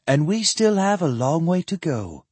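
A man voicing a weary, crisp-spoken woman. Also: medium pitch, animated, measured pace, darkish tone, no echo. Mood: brisk. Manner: crisp and clipped. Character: weary, stern, sharp-tongued woman traveler.

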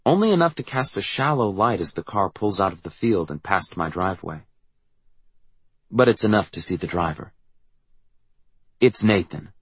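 Husky, lively male audiobook narrator. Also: deep voice, no room sound.

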